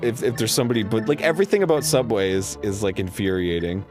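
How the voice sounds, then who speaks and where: A man's voice: fairly low pitch, quick pace, a little mellow, faint music behind. A man co-hosting a comedic chat, rambling and swearing as he rants about everyday annoyances. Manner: rambling, profane, exasperated ranting. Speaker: podcast co-host.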